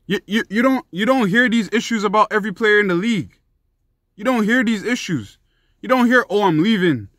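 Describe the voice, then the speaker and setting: Young guy ranting about sports, swearing a lot, high bright voice, dry sound. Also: fairly quick, no room sound. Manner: profane, heated and emphatic. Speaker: sports commentary vlogger.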